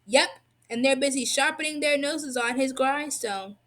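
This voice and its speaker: A woman's voice: high-pitched, normal speed, a bit bright. A woman doing a sly greedy farmer neighbor. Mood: taunting. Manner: folksy, sly and taunting.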